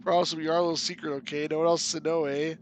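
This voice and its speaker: A man reading out a brash, scheming young woman from a game in a loud, excited voice. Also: on the high side, quick pace, slight background noise, lightly acted. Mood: giddy scheming.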